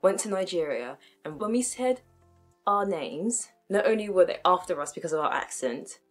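A UK vlogger talks frankly to camera in casual commentary, chatty and self-mocking. Her voice is fairly low with lively intonation and a moderate pace, and faint music plays behind her.

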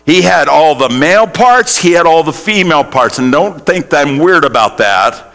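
A man's voice: fairly high pitch, expressive, moderate pace, creaky, a bit bright, faint music behind. A male pastor preaching a sermon in a church, putting questions straight to the congregation. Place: church sanctuary.

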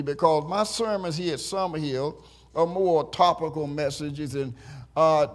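A man pastor preaching a sermon, telling a story softly and then stressing his words in drawn-out phrases. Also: fairly high pitch. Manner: slow, drawn-out preaching with quiet storytelling stretches. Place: church.

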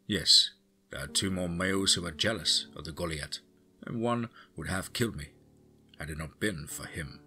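A grim tracker of wolf-beasts, grave and measured, his voice low and deep, as a man narrator puts him on. The tone rings bright and forceful, with faint guitar music underneath.

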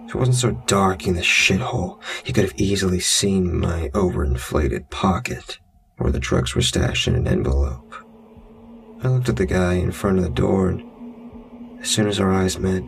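A man's voice: low voice, vocal fry. A man narrating a true scary story in the first person, blunt, profane and wry. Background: music.

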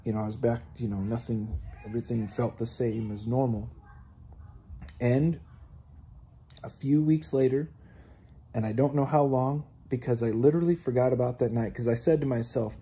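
A man giving an earnest personal faith testimony, halting and filled with "you know". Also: mid-range voice, steady tone, warm tone, husky. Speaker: testimony speaker.

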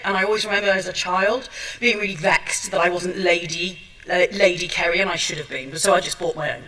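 A woman's voice: on the low side, pushed and bright, far from the mic, rough recording. A woman giving a chatty, self-deprecating seminar talk, with many ums and restarts. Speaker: seminar speaker. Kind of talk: chatty presentation. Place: seminar room at a trade show.

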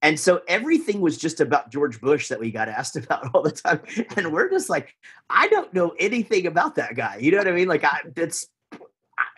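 A man's voice: a little high, lively intonation, a little fast, fairly bright tone, slightly rough. A man with a Texan accent, chatting casually as a podcast guest, rambling with lots of fillers and restarts. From Texas, USA.

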